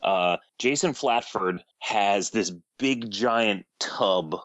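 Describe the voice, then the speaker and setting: A man telling a funny anecdote in casual conversation, animated and laughing as he goes, acting out the people in it. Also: lowish voice, takes it slowly, no room sound, highs cut off. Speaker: guest telling a story. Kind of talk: casual storytelling on a podcast.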